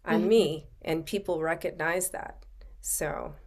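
Middle-aged woman guest on a podcast, lowish voice, chatty, lots of you know. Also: slow, a little mellow. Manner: conversational, tags "you know" and "right". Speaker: podcast guest, coach and author. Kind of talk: casual interview chat.

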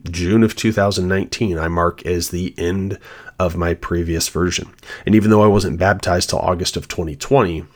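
A man with a deep, low-pitched voice talks through scripture on his podcast. His delivery is earnest and reflective, moving into personal testimony with sincerity. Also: steady tone, moderate pace. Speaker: podcast host. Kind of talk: devotional podcast talk.

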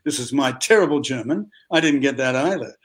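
An older man with an Australian accent, telling a lively anecdote at a convention and acting out the voices of others. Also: medium pitch, fairly quick. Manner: lively storyteller who acts out other people's voices. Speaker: actor telling a story. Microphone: video call.

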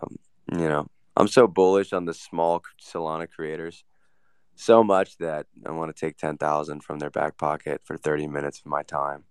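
Very deep smooth voice, guy teasing his buddies, dry sound. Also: little pitch movement, moderate pace, no room sound. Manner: teasing, sarcastic. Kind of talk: casual chat.

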